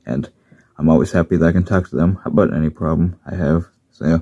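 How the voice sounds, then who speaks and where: A man voicing a gentle, earnest little blue miniature engine who talks softly about his troubles. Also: low voice, fairly even intonation, fast, husky, dry recording. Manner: soft-spoken, troubled, earnest. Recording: dull lo-fi recording.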